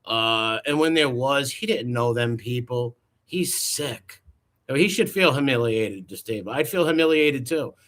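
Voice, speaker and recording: A man's voice: mid-range voice, animated, normal speed, a bit bright. A man giving mocking, profane reaction commentary, scoffing at a clip. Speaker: commentary host.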